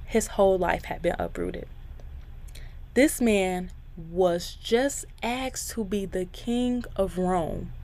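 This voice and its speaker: A woman's voice: fairly low pitch, slow pace, mellow. A young woman in her twenties hosts her own podcast in a casual monologue. She is chatty and candid, speaks right to her listeners, and laughs between her thoughts. Her tone is faith-filled and encouraging. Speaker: podcast host.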